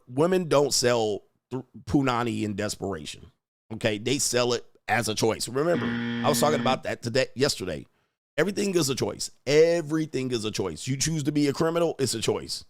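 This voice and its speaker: The voice is a man of middle pitch, ranting bluntly and swearing freely as a livestream host. The sound is close and dry, with no room around it. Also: vocal fry, no room sound. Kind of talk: profane ranting commentary.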